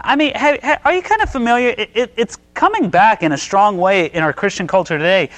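A man teaching church history in a casual, folksy way, asking his listeners questions as he goes. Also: high voice.

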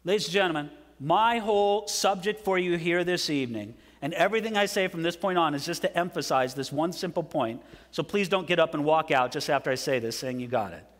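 A man's voice: on the high side, a little fast, a bit bright. A man preaching a sermon as pastor, emphatic and often asking the congregation questions. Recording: long hall reverb.

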